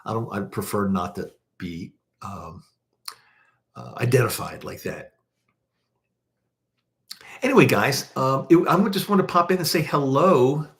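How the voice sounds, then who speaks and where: Speaking with a Baltimore accent, this podcast host from Baltimore, USA, rambles through a casual livestream, restarting often and using many fillers. His medium-pitched, fairly bright voice is unhurried, with long pauses.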